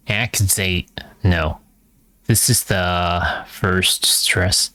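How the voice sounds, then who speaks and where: A man reading aloud for practice, halting and hesitant, repeating words as he sounds them out. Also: low-pitched, steady tone, fairly bright tone, no echo. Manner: frequent filler hesitations. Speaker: language learner reading aloud. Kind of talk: reading practice with pronunciation drills.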